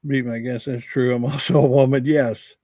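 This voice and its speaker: Chatty old radio guy in his sixties hosting a live chat, cracking jokes on himself, dry close sound, medium pitch. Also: fairly even intonation, moderate pace, dark tone, dry recording. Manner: joking, chatty and self-mocking. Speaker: livestream host and radio host. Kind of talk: casual livestream chat reading comments.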